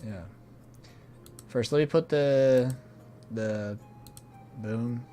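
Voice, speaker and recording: A young man hosting a charity livestream, chatting casually with viewers in a laid-back, slangy way that often trails off quietly. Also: mid-range voice, very slow, slight background noise. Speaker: streamer hosting a charity stream.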